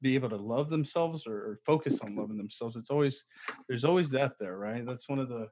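A man's voice: medium pitch, a little fast, background noise. A man hosting a casual conversation, hesitant and trailing off with fillers.

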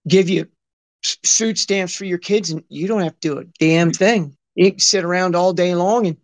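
A man's voice: high voice, moderate pace. A man chatting casually as a podcast co-host, telling stories in a rambling, slangy way full of filler words. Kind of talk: casual conversational chat.

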